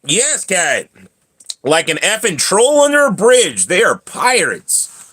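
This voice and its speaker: A man hosts a relaxed livestream and talks straight to his viewers. His voice is bright and sits a little high, and he gets animated and ranty, with coughs and throat-clearing along the way. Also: slow. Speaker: livestream host. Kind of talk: casual chat with viewers.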